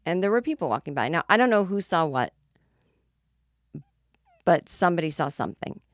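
Woman host in her forties, lower voice, dry close mic, casual animated storytelling. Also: brisk, no echo. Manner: animated storyteller with shrieked outbursts. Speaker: podcast host.

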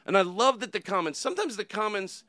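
A man rambles through a casual podcast conversation, his voice sitting a bit high and bouncing all over the place. He is recorded close and dry, with no room sound. He drifts into comic impressions now and then. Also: fast talker, no room sound. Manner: rambling, animated, slips into impressions. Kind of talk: casual chat.

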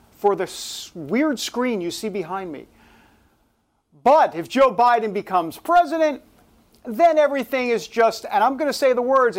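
Playful male talk show host, rain behind. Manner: playful, shifts into a low spooky voice for effect. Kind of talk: casual political talk show.

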